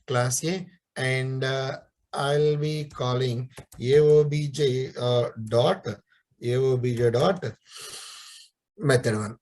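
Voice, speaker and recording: A man's voice: medium pitch, steady tone, takes it slowly, pauses often, a little mellow. A young man teaching a live online coding class, scolding and encouraging students and repeating his questions. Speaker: programming teacher.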